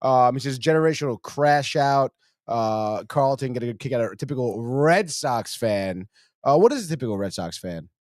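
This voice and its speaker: A man's voice: medium pitch, lively intonation, moderate pace, no echo, clean studio sound. A man co-hosting a sports podcast, easygoing and laughing often as he reads out viewer comments. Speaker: podcast producer and co-host.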